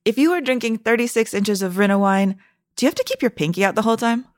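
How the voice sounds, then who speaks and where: A woman's voice: fairly high pitch, animated, fast talker, dry recording, clean studio sound. A woman hosting a casual interview podcast, asking playful, enthusiastic questions. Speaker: podcast host.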